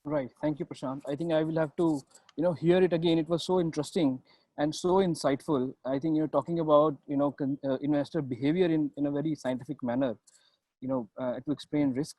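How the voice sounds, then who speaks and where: A man's voice: on the high side, fairly even intonation, a little fast, warm tone, no room sound, rough recording. A man moderating a panel, appreciative and hesitant, with many fillers.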